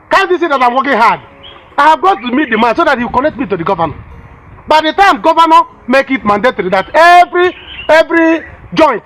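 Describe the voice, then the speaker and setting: A man's voice: extremely high pitch, a bit bright, a little hiss or hum, exaggerated voice. An actor with a Nigerian English accent playing a boastful village man who stumbles over his words while bragging about big schemes. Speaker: village bushmeat seller. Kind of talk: film drama acting.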